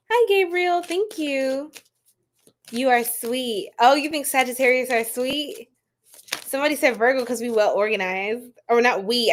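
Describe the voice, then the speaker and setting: A woman tarot reader, chatting and joking with viewers on a live stream and laughing often. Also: a little high. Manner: laughing a lot, playful, chatty.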